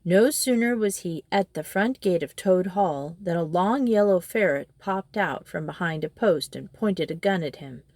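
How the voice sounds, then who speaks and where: A woman reading a children's storybook aloud in a steady, expressive way. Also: fairly low pitch, normal speed, few pauses, no echo. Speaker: storybook reader. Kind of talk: storybook narration.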